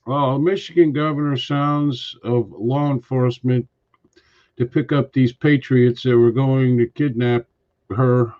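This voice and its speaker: A man co-hosting a casual political chat show, talking bluntly and grumbling, who keeps clearing his throat and coughing. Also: medium pitch, steady tone, slow pace, darkish tone. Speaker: podcast co-host. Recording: dull lo-fi sound.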